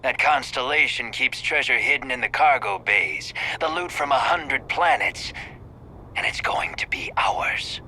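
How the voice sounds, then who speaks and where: A man's voice: medium pitch, normal speed, hardly any pauses, pushed and bright, slight background noise. An actor playing a menacing male space pirate leader who taunts and sneers, in video game voice acting. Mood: taunting.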